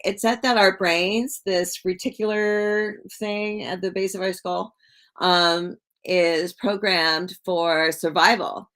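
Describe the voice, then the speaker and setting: A woman chats with her viewers on a livestream in a loose, rambling way. She starts phrases over and over and fills the gaps with "like" and "you know". Her voice sits a little on the low side. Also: a bit bright. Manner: rambling, repeats words, many fillers. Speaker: livestream host. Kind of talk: casual livestream chat.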